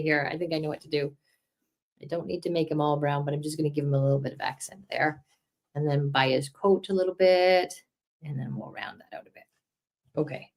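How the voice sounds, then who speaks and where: A middle-aged woman in a casual crafting livestream, chatting and encouraging viewers as she colors. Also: lowish voice. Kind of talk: casual live-stream chat while coloring.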